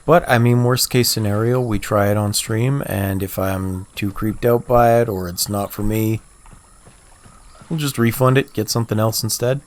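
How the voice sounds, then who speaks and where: A man's voice: lowish voice, fairly even intonation, normal speed. A man livestreaming a game, thinking aloud in easygoing, chatty talk and answering chat, with a cough. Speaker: game streamer.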